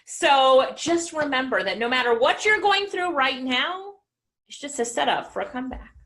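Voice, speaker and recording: Frequently quizzing her online audience, a middle-aged female business coach gives a motivational talk full of energy. Her voice is high-pitched and her pace moderate.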